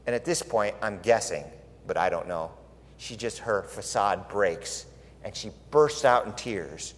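A man retelling a Bible story as a sermon, in an animated, conversational way and asking his listeners questions. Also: fairly low pitch, unhurried. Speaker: preacher. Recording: echoey hall.

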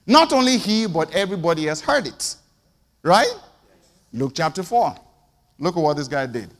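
A man preaching a sermon, firing off rhetorical questions and swinging between loud outbursts and quiet asides. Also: a little high, sing-song, normal speed, in a large hall.

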